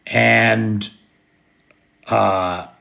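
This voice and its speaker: American male host, gravelly, rambling and chatty on a live stream. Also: fairly low pitch, steady tone, drawn-out words, sharp tone. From United States. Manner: rambling, chatty, restarts and fillers. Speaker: livestream host. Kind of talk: casual live chat reading comments. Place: living in Kyiv, recording at home at night.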